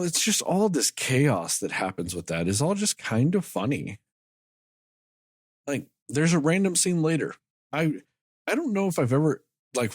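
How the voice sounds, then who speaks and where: A man whose voice is on the high side and husky co-hosts a casual film review podcast, recorded dry with clean studio sound. He rambles, swears freely as he goes through scenes, and often acts out characters' lines in quick asides.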